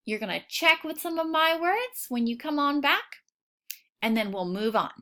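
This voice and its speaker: A woman teaching a recorded phonics lesson for children, patient and encouraging, sounding out each word clearly. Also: high-pitched, animated, fairly bright tone. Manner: slow, clearly sounding out words.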